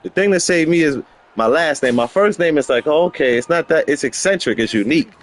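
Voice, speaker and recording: A man's voice: on the high side, lively intonation, brisk, a little hiss or hum. A man giving casual gaming commentary, rambling and joking with frequent laughs. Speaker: gamer.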